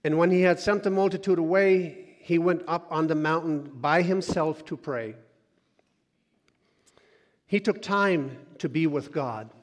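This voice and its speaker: A man preaching a conversational sermon, repeating words and dropping quiet when he quotes scripture. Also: a little high, unhurried, long reverb tail. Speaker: pastor.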